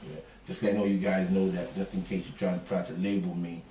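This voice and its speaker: A man's voice: sits low, level tone, fast, background noise. A middle-aged man, a guest in a casual interview, telling jokes and rambling stories with frequent laughter. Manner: laughing, joking, rambling storyteller. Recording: echoey room, mic far off, faint ambience.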